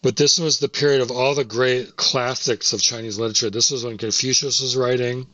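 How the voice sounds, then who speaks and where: A man's voice: medium pitch, fairly even intonation, brisk, a bit bright, dry recording, muffled recording. A man co-hosting a podcast, explaining history at length in a casual, talkative way. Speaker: podcast co-host. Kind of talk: casual chat.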